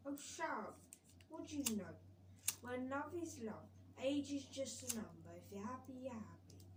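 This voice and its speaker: A young woman with a higher voice chimes in softly from across an echoey room, well away from the microphone. Steady background noise runs under her quiet remarks. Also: normal speed. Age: young adult. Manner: soft and quiet, chiming in from the background. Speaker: streamer's partner. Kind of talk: off-mic casual chat. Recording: echoey room, far from the mic, noisy.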